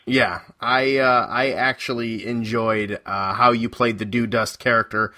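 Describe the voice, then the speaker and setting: Bright-voiced man hosting an interview. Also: mid-range voice, steady tone, a little slow. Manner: friendly, encouraging, frequent affirmations. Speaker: podcast host. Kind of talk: casual interview.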